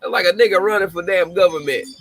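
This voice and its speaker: Faint music plays behind a man whose voice sits high, with lively intonation, normal speed and a slightly bright tone. He hosts a podcast, ranting bluntly and casually, swearing heavily and breaking into frequent laughter, on poor audio.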